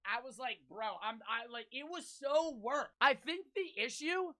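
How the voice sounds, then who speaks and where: A young man telling a crude story in casual, profane, animated fashion. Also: very high voice, unhurried, few pauses, no echo. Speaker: streamer.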